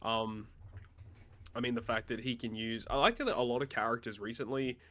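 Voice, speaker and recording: A young man co-hosting a casual podcast chat, giving relaxed, considered opinions with frequent ums. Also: mid-range voice, moderate pace. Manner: relaxed, analytical, hedges with ums. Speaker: podcast co-host.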